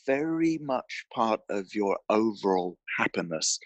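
A man talking as a podcast guest, telling an animated story and restarting phrases with repeated words. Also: fairly low pitch, a little slow, no room sound, highs cut off. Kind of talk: conversational interview storytelling. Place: indoor studio with a mic.

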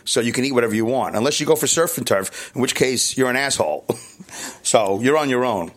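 A man with a Brooklyn accent talks into his podcast mic from a hotel room, in a rambling, chatty way. He jokes at his own expense and keeps restarting his sentences. His voice sits at a middling pitch. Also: animated, brisk. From New York. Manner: rambling, self-deprecating, chatty with frequent restarts. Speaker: podcast host. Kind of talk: casual solo podcast monologue.

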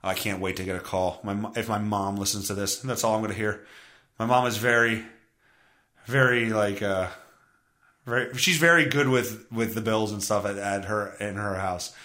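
A podcast host telling an exasperated story in a casual comedic rant, acting out both sides of a phone call and swinging between loud outbursts and muttered asides. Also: male voice, lowish voice, normal speed.

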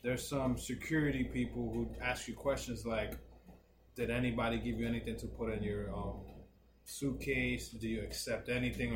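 Man telling stories in an echoey room. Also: mid-range voice. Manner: animated storytelling, swears freely, acts out quoted people. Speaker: podcast co-host. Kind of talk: casual podcast chat. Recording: echoey room with background noise.

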